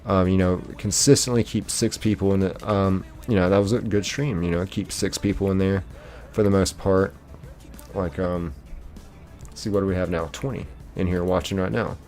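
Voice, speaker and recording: A man's voice: low voice, steady tone, normal speed, darkish tone, soft background music. An American man hosting a livestream, reading out viewer comments and answering them in a rambling, casual way with many fillers. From United States. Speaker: livestream host.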